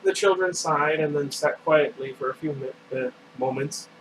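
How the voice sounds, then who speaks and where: A man's voice: fairly high pitch, moderate pace. Man reading a novel with asides. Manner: reads with asides and self-corrections. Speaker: reader of a novel. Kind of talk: casual read-aloud of a novel. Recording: distant mic with air conditioner hum.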